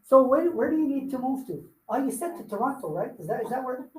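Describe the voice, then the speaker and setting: A man's voice: very high-pitched, animated, fast talker, a little hiss or hum. Emphatic male sales trainer in an echoey room. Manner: emphatic, playful, repeats key points. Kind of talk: live workshop teaching. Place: meeting room with audience.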